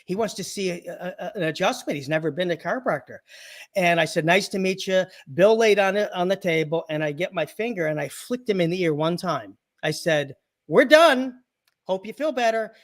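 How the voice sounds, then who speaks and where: High-voiced joking man telling stories. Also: a little fast. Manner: jokey anecdotes, acts out patients' voices, laughs often. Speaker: guest, chiropractor and comedian. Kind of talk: storytelling interview.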